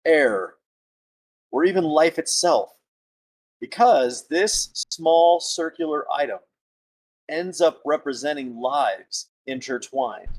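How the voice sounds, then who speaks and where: Brief: man doing a smooth, womanizing adventurer at a tabletop game, slow and seductive. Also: medium pitch. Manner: slow, drawn-out seductive speechifying. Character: smooth-talking womanizing male adventurer, boastful. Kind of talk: in-character tabletop role-play speech.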